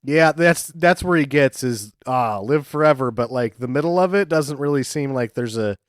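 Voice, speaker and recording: A man's voice: mid-range voice, animated, normal speed, no room sound, studio quality. A man co-hosting a podcast, arguing about plot holes in an amused, casual way. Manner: picks apart the plot, argumentative and amused. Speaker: podcast co-host. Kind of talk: casual chat riffing on a bad movie.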